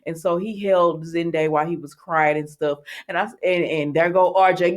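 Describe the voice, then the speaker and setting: Woman host, lowish voice, chatty soap recap, acts out the lines. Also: normal speed, few pauses. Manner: chatty, animated retelling with laughs and acted quotes. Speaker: soap opera recap vlogger. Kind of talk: casual recap chat.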